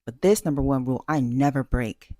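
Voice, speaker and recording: This woman's voice is rumbling low and warm, a little fast, with no room sound and clean studio audio. A vlogger, she offers dating advice in a casual talking-head format, self-assured and emphatic, with plenty of fillers and restarts.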